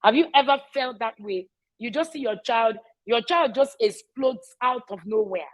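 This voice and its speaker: A woman's voice: a little high, normal speed, rough recording. A middle-aged woman, speaking casually to parents. She is emphatic, repeats key phrases and often checks in with "all right?". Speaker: parenting educator.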